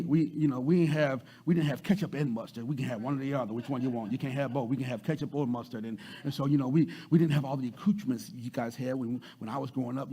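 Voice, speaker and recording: A man pastor preaching a sermon, repeating words and swinging from loud to soft. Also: mid-range voice, husky.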